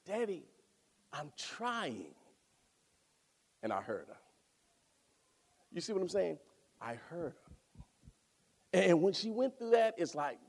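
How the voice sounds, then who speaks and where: A man preaching a sermon, swinging from loud exclaiming to hushed near-whispers. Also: on the high side.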